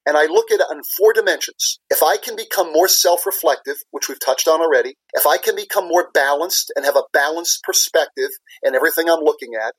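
A man's voice: a little high, fairly quick, few pauses, husky, no echo, poor audio. A man, a business leader and former CFO, answering interview questions in an earnest, explanatory way, repeating key words for emphasis.

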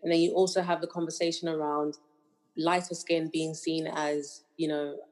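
A woman's voice: low-pitched, flat delivery, moderate pace, a little mellow. A woman with a British accent touched by Nigerian speech, talking things through on a casual podcast with many fillers. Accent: British with Nigerian influence. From United Kingdom. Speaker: podcast co-host. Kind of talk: casual chat.

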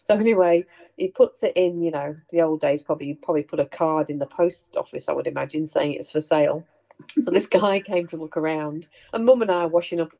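Middle-aged female host, lowish mellow voice, animated storyteller. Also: a little fast, vocal fry, poor audio. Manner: chatty, animated, laughs through anecdotes. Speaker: host sharing family memories. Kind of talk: casual storytelling chat.

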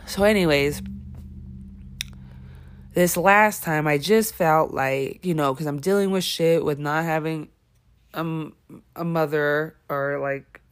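A woman's voice: deep voice, slow, long pauses, clean tone. A woman speaking on her podcast in a candid personal monologue. She is blunt and emphatic, swears often, and halts with many fillers and restarts. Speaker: podcast host.

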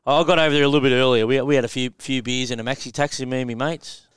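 A man's voice: mid-range voice, steady tone, rapid-fire, clear, resonant tone, no room sound, clean studio sound. An Australian man co-hosting a sports radio show, laid-back and matey. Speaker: radio co-host. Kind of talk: casual studio chat.

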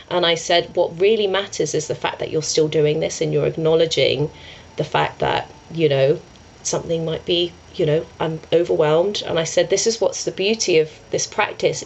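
Brief: young woman, yoga teacher, low voice with vocal fry, earnest rambling storytelling, faint noise behind. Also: poor audio. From England. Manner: earnest, rambling, many restarts and "I was like". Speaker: yoga and meditation teacher, podcast guest. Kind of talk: conversational storytelling.

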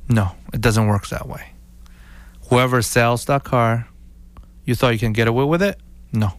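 A man's voice: mid-range voice, fairly even intonation, unhurried, no echo. A man, a car dealer, talking casually to viewers, rambling with restarts and acting out what people say. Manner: rambling, repeats and restarts, acts out quotes.

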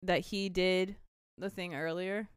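A young woman co-hosting a casual movie review chat, blunt and quick to swear. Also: lowish voice, steady tone, smooth, no echo, clean studio sound. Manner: blunt, swears, reacts emotionally. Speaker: podcast co-host.

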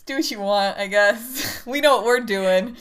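A young woman co-hosting a podcast in relaxed chat, speaking slowly and unhurriedly. She is playful, laughing often and swearing, with a faint hiss behind her voice. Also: a little high. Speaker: podcast co-host. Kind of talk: casual chat.

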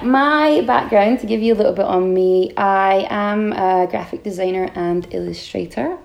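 A woman in her thirties with a Scottish accent, co-hosting a casual podcast chat in a warm, reflective way. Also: fairly low pitch, gravelly. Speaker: podcast co-host.

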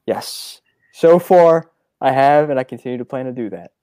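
A young man in his twenties with a smooth, resonant voice tells his side of a family story. He speaks sincerely and reflectively, with small hesitations, in a dry, close sound. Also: mid-range voice, lively intonation, moderate pace, mellow, no room sound. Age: 20s. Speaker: son and co-host. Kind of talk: casual storytelling.

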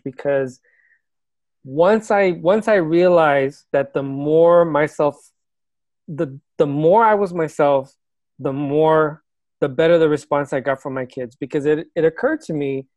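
A man's voice: a little high, a little mellow, no echo. A man, a teacher, telling a personal story in a casual, earnest and reflective way, laughing now and then.

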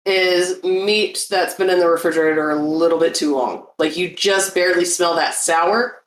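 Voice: medium pitch, steady tone, normal speed, echoey room, a little hiss or hum. A podcast co-host chatting casually and swearing freely. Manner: casual, profane. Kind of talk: casual chat.

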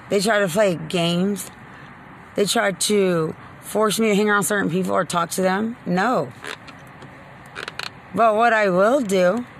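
A woman's voice: lowish voice, slight background noise. A woman in a rambling, agitated rant, accusing and cursing at the people she blames. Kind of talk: angry rambling rant to camera.

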